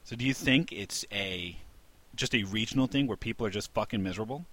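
A man from New York City co-hosting a casual podcast chat, telling stories in a rambling, animated way with plenty of swearing and laughter. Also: fairly low pitch, brisk. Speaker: podcast co-host.

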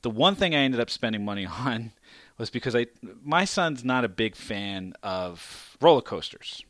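A middle-aged man with a bright, forceful voice, recorded close and dry, spinning a comic family story. He swings up into loud, high bursts when he acts out what people said. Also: normal speed, no room sound. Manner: animated, acts out quotes with big pitch jumps. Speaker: podcast co-host. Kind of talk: casual comedic storytelling.

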